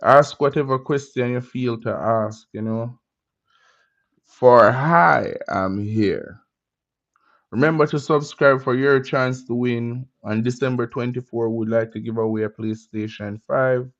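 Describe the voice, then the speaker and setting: A man's voice: mid-range voice, fairly even intonation, normal speed, few pauses. A man hosting a casual livestream, greeting viewers in a laid-back way with Jamaican slang. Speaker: livestream host. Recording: dull lo-fi stream audio.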